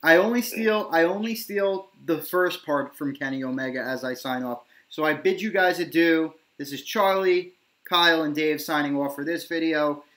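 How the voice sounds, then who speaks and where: A man's voice: fairly high pitch, fairly bright tone. A man from New York hosting a casual wrestling debate, emphatic and opinionated, talking in long runs. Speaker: podcast host.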